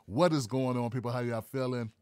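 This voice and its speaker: A man's voice: mid-range voice, brisk, darkish tone, no room sound, clean studio sound. Man hosting a sarcastic live show. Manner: playful, sarcastic asides. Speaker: show host. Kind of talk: livestream political talk.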